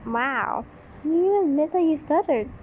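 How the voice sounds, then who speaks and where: A woman's voice: sits high, lively intonation, measured pace, phone-quality sound. Woman host with a childlike voice, sarcastic story reader, faint hiss on the track. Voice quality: childlike-sounding voice. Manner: mocking, incredulous asides. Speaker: channel host reading a story. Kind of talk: sarcastic reading commentary.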